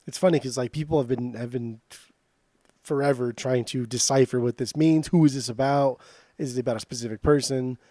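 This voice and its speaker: A man's voice: medium pitch, steady tone, brisk, dark tone, dry recording, studio quality. A man co-hosting a podcast in loose casual chat, swearing and saying "dude" a lot. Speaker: podcast co-host.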